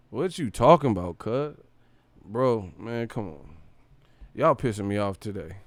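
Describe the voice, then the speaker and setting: A man's voice: lowish voice, moderate pace, no room sound. A man from the Bay Area hosts a live stream, joking and swearing freely while he riffs casually. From Bay Area, California. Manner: profane, joking, animated.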